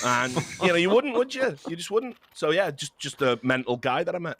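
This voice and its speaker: Rambling caster with game noise. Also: male voice, high-pitched, big pitch swings, a little fast, few pauses, fairly bright tone. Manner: rambling, self-mocking storyteller. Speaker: esports caster. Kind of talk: casual commentary banter.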